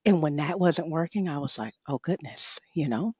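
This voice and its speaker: A middle-aged woman and author, a guest telling a personal story in a conversation, expressive, laughing often and saying "you know" a lot. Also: low voice, normal speed, husky, dry recording. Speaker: author and rest coach, guest.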